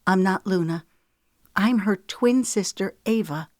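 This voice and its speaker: Woman reader playing a young singer, plain and steady, dry close mic. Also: medium pitch, measured pace, no room sound, lightly acted. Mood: candid.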